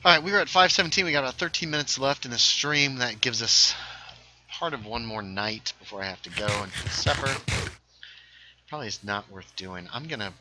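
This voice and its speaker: Middle-aged male streamer, excitable game commentary, sharp, lively delivery, light hiss. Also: mid-range voice, a little fast. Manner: excitable, yelling at enemies. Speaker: livestream host. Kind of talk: casual gameplay commentary.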